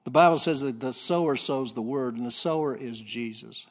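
A man preaching a sermon, telling a story with halting repeats and throat clearing, then climbing to loud excited peaks. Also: mid-range voice.

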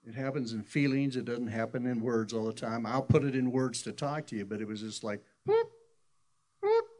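A man's voice: mid-range voice, big pitch swings, moderate pace, a little mellow. A middle-aged man preaching a sermon in a conversational, folksy storytelling way, often restarting his sentences. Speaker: pastor.

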